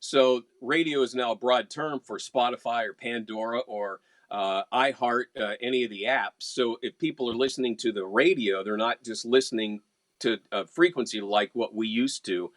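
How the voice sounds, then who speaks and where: A man's voice: mid-range voice, moderate pace, fairly bright tone, no echo. A man from West Virginia, a veteran radio announcer co-hosting a casual chat show, talking in an easygoing, wry, teasing way.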